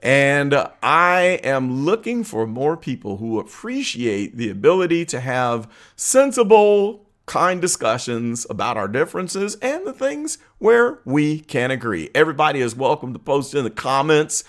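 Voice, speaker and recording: Lively conversational man vlogging his opinions. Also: on the high side. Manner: earnest, conversational, with frequent uh and um pauses. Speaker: political commentary host. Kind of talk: opinion vlog monologue.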